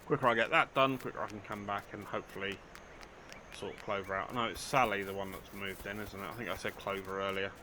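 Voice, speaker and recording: A man's voice: on the low side, steady tone, fast talker, noisy background. An older man, chatting casually through a let's play, joking at his own expense. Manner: chatty, self-mocking, dry humour, talks to game characters. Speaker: gaming channel host.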